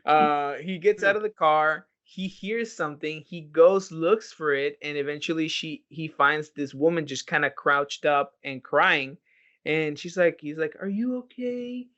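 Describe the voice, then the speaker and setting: A man's voice: a little high, a little slow. A man casually retelling a horror movie plot on a podcast, swearing often and telling it with energy. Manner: swears a lot, animated storytelling. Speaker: podcast host. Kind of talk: casual chat. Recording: dull lo-fi podcast audio.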